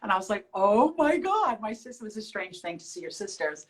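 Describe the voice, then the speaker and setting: A woman's voice: medium pitch, fast talker, poor audio. Chatty woman telling stories. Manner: chatty, warm storytelling with many restarts. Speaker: show host. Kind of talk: casual live Q&A with fans.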